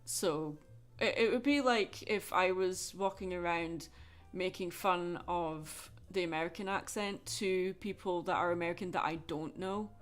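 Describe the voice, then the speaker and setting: A Scottish woman chatting frankly with soft laughs while drawing on a livestream. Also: fairly low pitch, a little slow, few pauses, faint music behind. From Scotland. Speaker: livestreaming artist.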